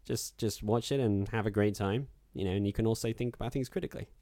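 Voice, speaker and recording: A man's voice: on the low side, fast, dark tone, no room sound, studio quality. A man co-hosting a podcast, talking through films in a rambling, wry way with lots of fillers. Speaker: podcast co-host. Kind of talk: casual film discussion.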